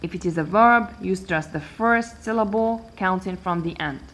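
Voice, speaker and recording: A woman teaching an English lesson, explaining slowly and patiently and repeating key words. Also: mid-range voice, a bit bright. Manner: patient and repetitive, switching between English, Arabic and French. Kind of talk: language lesson explaining word stress.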